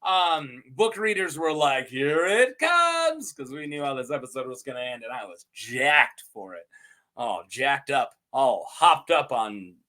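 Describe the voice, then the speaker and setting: A man hosting a casual review show, recapping an episode with jokes, lots of ums and uhs, and quick put-on voices for the characters. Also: mid-range voice. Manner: animated, joking, acts out quotes in quick put-on voices; many fillers like um and uh. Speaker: podcast host reviewing a TV episode.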